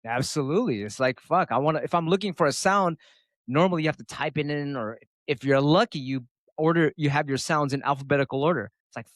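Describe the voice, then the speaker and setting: A man's voice: on the high side, quick pace, no echo. A middle-aged man from the United States, a turntablist guest, talking casually and profanely in an interview, acting out quotes. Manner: profane, animated, acts out quotes.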